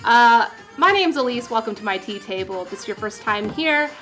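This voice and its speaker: Bubbly high-voiced woman hosting a tea stream. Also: expressive, brisk, a bit bright, soft background music. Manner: bubbly, chatty, apologetic, laughs often. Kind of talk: casual livestream chat. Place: tea room.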